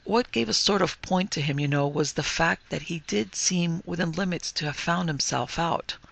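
Gravelly, bright-voiced male storyteller. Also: fairly high pitch. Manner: measured, firm storytelling delivery. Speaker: podcast host and reader. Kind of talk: scripted narration of a ghost story.

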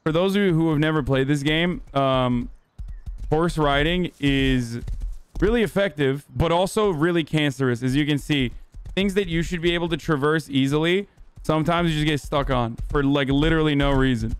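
A man's voice: fairly high pitch, moderate pace, clean tone. A young man streaming a game, talking casually, getting frustrated, swearing and repeating himself. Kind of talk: casual gaming stream commentary.

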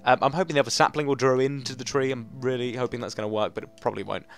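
A man's voice: medium pitch, fairly even intonation, very fast. A man giving casual gaming commentary, chatting to himself and joking with mock drama. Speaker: Let's Play gamer.

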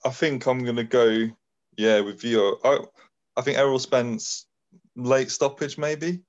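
A man from England, a guest, talking in a hesitant, measured way during casual chat. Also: medium pitch, fairly even intonation, dull audio. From Reading, England.

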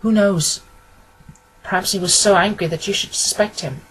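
Grieving young woman begging earnestly, husky, pitched up a bit, read by a man. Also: moderate pace, a bit bright, low-quality recording. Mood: pleading. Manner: earnest, imploring.

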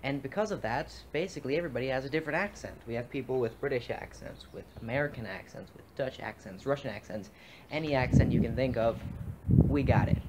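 A man's voice: medium pitch, fast, noisy background. A man hosting a casual vlog, upbeat and chatty, talking straight to his viewers. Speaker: vlog host.

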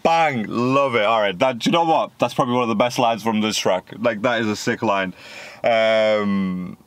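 A man's voice: lowish voice, normal speed, clear, resonant tone, no echo. A young British man hosting a music reaction, talking bluntly and mockingly and swearing a lot in casual commentary. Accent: British English. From United Kingdom.

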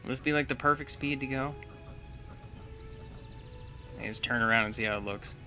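A man's voice: mid-range voice, moderate pace, sharp tone, soft background music. A young man giving casual, chatty commentary while playing a building game, thinking aloud and laughing often. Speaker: gaming channel host.

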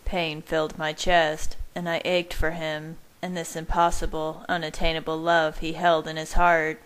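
A woman narrating fan fiction in the first person, at a measured reading pace. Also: sits low, little pitch movement, a bit bright, clean tone, low-quality recording. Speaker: reader.

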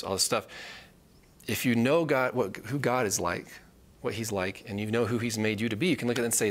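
A man giving conversational Bible teaching, earnest, checking in with "right?" and acting out quoted voices. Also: fairly quick. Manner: earnest, repeats points with "right?" tag questions; acts out quoted voices in a higher pitch.

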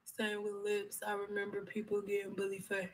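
A woman's voice: mid-range voice, a little fast. A woman in her thirties chatting casually as a vlogger, telling stories in a frank, profane, joking way and acting out the people she quotes. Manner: animated storytelling with acted quotes. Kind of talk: casual chat.

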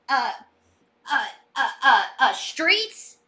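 A woman's voice: on the high side, sing-song, unhurried, pushed and bright. A woman streamer venting angrily and swearing on a livestream, heated and defensive. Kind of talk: angry livestream rant.

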